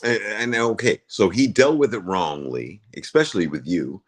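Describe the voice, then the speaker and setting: A man in casual chat, earnest and halting, often agreeing and trailing off. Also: on the low side, lively intonation.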